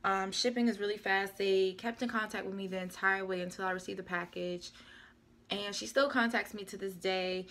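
A woman's voice: medium pitch, fairly even intonation, normal speed, a bit bright. A young woman vlogger chatting casually and rambling through a product update, often correcting herself. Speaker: beauty vlogger. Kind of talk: casual product review chat.

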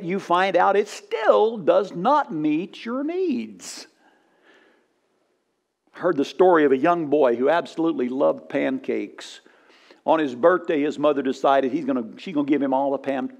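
A man, a pastor, preaching a sermon, telling funny stories and calling for responses from the congregation. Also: a little high. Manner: storytelling with humor, rising to loud punchlines.

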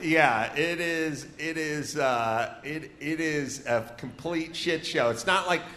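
Ranting and joking crudely, a North Hollywood, California man hosts a comedy podcast live on a venue stage with an audience watching. His slightly high voice is bright and forceful, and he takes things slowly. The recording echoes like a live venue.

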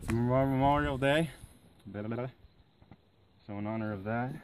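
A man vlogging outdoors by the water, chatting excitedly to the camera as he launches his small homemade boat. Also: medium pitch, moderate pace, slight background noise. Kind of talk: casual outdoor narration.

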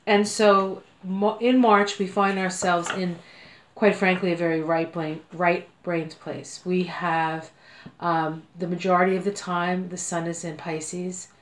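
A lower-pitched woman reads cards at home in a loose, chatty way, wandering between thoughts with plenty of fillers. The room around her is echoey and bare-sounding. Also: level tone, a little slow. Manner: chatty, meandering, with frequent fillers and laughs. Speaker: card reader. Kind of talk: casual tarot-style card reading.

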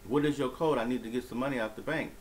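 A man's voice: medium pitch, quick pace, slight background noise, lightly acted, poor audio. A man voicing his insistent, blunt male friend while telling a story.

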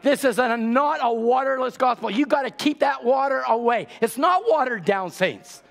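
A male preacher with a notably high voice delivers a sermon with urgency. He drives his points home by repeating key words and asking the congregation rhetorical questions. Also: lively intonation, normal speed, creaky. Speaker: pastor.

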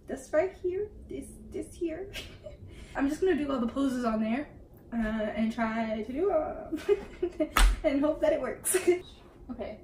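A woman's voice: sits high, warm tone. A woman vlogging casually from her mom's bedroom, giggling and poking fun at herself, often out of breath, heard from a camera set back across the room. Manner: giggly, self-mocking, laughs often. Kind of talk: casual vlog. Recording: roomy, distant, faint hiss.

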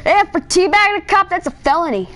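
A man voicing a bossy, self-important male police officer during gameplay commentary, scolding in a pompous rapid-fire way and straining his throat. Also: very high voice, expressive, pushed and bright, exaggerated voice. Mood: stern.

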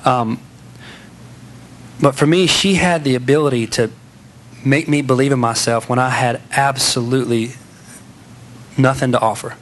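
A man's voice: mid-range voice, fairly even intonation, normal speed, long pauses, slight background noise. A man giving a candid, self-mocking storytelling speech to an audience. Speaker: speaker.

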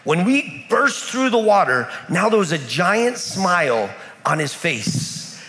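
Animated male preacher in an echoey hall. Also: high voice, slow. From United States. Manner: storytelling with repetition. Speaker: pastor. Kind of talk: sermon. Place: church in Kenya.

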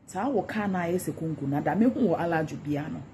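A woman's voice: low-pitched, lively intonation, fast talker, background noise. A Ghanaian woman ranting in a gossip vlog, repeating insults and taunts in a mocking tone. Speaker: social media commentator.

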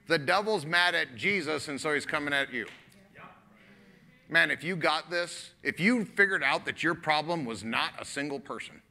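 Bright-voiced joking pastor preaching. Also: male voice, fairly high pitch, normal speed. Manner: folksy, joking, laughs often, acts out quotes. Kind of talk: sermon.

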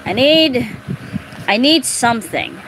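A woman's voice: fairly high pitch, sing-song, slow. A woman chatting casually and reading fan fiction aloud, laughing often and muttering exasperated asides. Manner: giggly, breaks into laughter often. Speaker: video creator. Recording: clear background noise.

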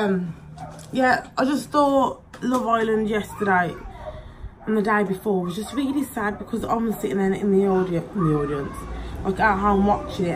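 A woman's voice: medium pitch, noisy background. A young woman chats casually while doing her makeup at home, rambling with plenty of likes and ums. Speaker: beauty vlogger.

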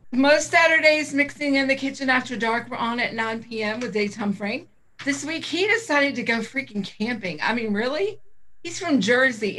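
Her voice is fairly high and a bit bright as this middle-aged co-host of a vaping livestream chats casually. She tends to ramble, laughs often, and drifts off topic easily.

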